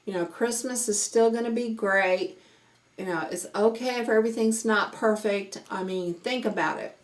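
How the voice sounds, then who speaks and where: A woman's voice: mid-range voice, moderate pace. A middle-aged woman homestead vlogger talking earnestly to camera, half preaching, with many "you know"s. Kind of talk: casual vlog talk with a preachy streak.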